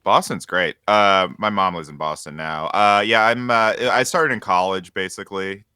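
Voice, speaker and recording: A man in his thirties from the Bay Area chats as a comedian guest, in a fairly low voice with a bright, forceful edge. He is laid-back, laughs easily and trails off mid-thought. The sound is dry and close. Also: normal speed, clean tone, dry recording. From San Francisco Bay Area. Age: 30s. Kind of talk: casual podcast chat.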